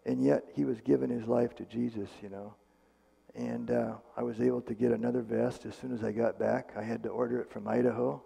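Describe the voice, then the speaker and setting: A man's voice: mid-range voice, vocal fry, warm tone, husky. A man, a medical missionary speaker, retelling a testimony in a casual, conversational way with fillers and restarts, in a church hall. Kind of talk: storytelling testimony.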